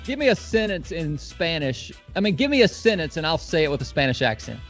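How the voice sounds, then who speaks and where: Easygoing high-voiced male co-host. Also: very animated, fairly quick, a bit bright, faint music behind. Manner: easygoing, joking. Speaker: co-host, aerial photographer. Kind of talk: casual live-stream chat.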